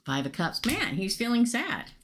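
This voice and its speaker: A woman's voice: fairly high pitch, wildly swooping pitch, moderate pace, noisy background. A woman doing a casual live tarot reading, naming cards and chatting with viewers about their questions. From United States. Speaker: tarot reader.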